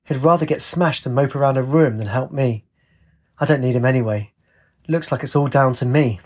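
A man with a husky voice voicing a headstrong, impatient teenage girl in an audiobook. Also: mid-range voice, moderate pace, darkish tone, natural voice. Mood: sulky. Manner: exasperated, snappy retorts. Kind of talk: audiobook character voice.

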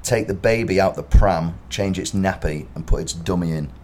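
A young man with an English accent and a very low, deep voice chats casually on a podcast. He explains things in a playful, teasing way. A faint hiss sits under the recording. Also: normal speed, a little mellow. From England. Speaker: podcast co-host. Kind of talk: casual chat. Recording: faint background noise.

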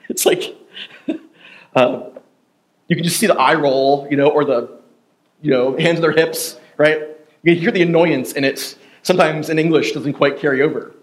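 A pastor with a fairly high voice preaches in a church in a loose, chatty way. He jokes often and keeps stopping to restart his sentences with fillers. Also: steady tone, normal speed, long pauses. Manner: casual, joking, chatty with many fillers. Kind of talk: sermon. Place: church sanctuary.

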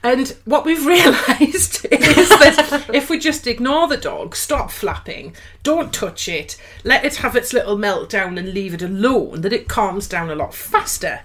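A woman co-hosting a podcast, chatting casually with a fairly high voice that swings up and down a great deal. She keeps it playful and teasing, and laughter keeps breaking through. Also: lively intonation, a little slow, a bit bright. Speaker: podcast co-host. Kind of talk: casual chat.

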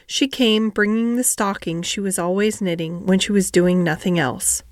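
A woman hosting and calmly reading a classic novel aloud as a bedtime story. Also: mid-range voice, dry recording, clean studio sound. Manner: calm, measured narration. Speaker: storyteller host.

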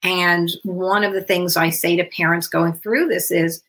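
Calm, instructive woman explaining as a guest. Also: fairly low pitch, a little slow. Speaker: guest psychologist. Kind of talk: podcast interview.

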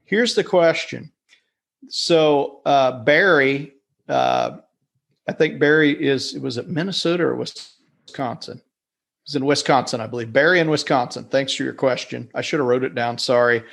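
A man's voice: medium pitch, normal speed, creaky. A man co-hosting a podcast, chatting casually with self-deprecating jokes and a rambling, easygoing manner. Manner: rambling, self-deprecating, many fillers and restarts. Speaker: podcast co-host. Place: wife's office.

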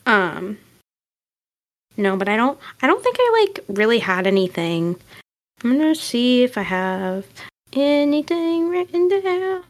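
A woman's voice: fairly high pitch, expressive, takes it slowly, long pauses. A woman co-hosting a podcast in casual chat, playful and joking. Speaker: podcast co-host.

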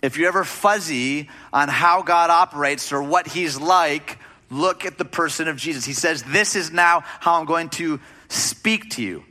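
A male pastor delivering a sermon in a bright, forceful voice pitched a little high. He keeps it conversational, leaning on emphasis and rhetorical questions to the congregation. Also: measured pace.

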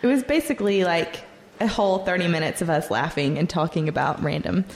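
A woman's voice: lowish voice, fairly quick, vocal fry. Twenties woman, bubbly co-host, laughs a lot, roomy echo with long reverb, faint ambience. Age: 20s. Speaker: podcast co-host. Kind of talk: casual chat.

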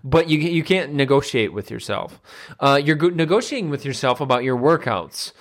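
A man's voice: medium pitch, lively intonation, moderate pace, fairly bright tone. A man, a nutrition coach and personal trainer, giving a casual motivational monologue and acting out the voices he quotes.

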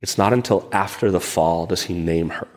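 A male pastor preaching a sermon in a lively, conversational way, with asides to the congregation. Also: low voice, normal speed, long reverb tail.

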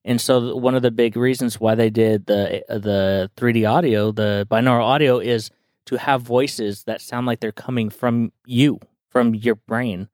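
Excited young man, dry close mic. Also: mid-range voice, normal speed, no echo. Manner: enthusiastic, rambling explanations with frequent "like" and "dude". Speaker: podcast co-host. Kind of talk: casual podcast chat.

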